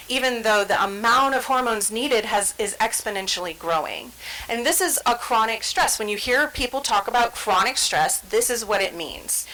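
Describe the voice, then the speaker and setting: Bright-voiced woman giving a lively talk. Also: a little high, rough recording. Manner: lively, acts out everyday scenes with quoted inner voices; conversational, checks in with "right?". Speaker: trainer presenting on stress and the brain. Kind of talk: educational talk.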